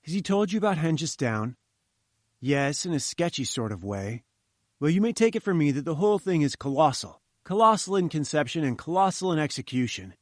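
A man's voice: fairly high pitch, big pitch swings, fairly quick, no room sound, studio quality. A man doing a breezy young reporter. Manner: breezy and chummy. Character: cheerful young male journalist, breezy.

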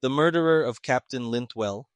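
A quiet, measured detective lays out his reasoning in precise, even words, as a male reader voices him. The sound is dry and close, with no room around it. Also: medium pitch, smooth, no echo, lightly acted. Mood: calm. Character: calm, shrewd male detective.

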